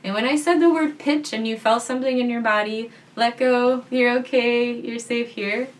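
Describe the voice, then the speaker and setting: A young woman guiding a gentle voice practice in a soft, calm, reassuring way. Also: on the high side, moderate pace, distant mic. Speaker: voice teacher.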